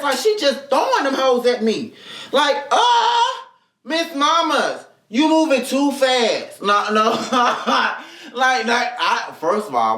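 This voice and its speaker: A man hosting his own podcast tells a story in loose, comic, profane talk, jumping into the voices of the people in it. His pitch swings widely from line to line. The recording sounds roomy and echoey. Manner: animated, profane, acts out quoted people. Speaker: podcast host. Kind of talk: casual comedic storytelling. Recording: roomy echo.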